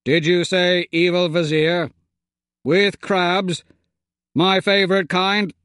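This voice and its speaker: A man voicing a pompous male robot guard who buzzes his words out slowly and stiffly. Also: high-pitched, little pitch movement, fairly bright tone, clean tone, dry recording, studio quality. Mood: eager. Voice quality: buzzing, mechanical.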